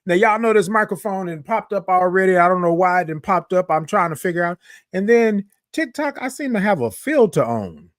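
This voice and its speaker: A man's voice: high-pitched, animated, brisk, no echo, clean studio sound. A man hosting a casual morning livestream, chatty and upbeat, greeting viewers by name and stretching out his good mornings. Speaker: livestream host. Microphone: microphone close to face.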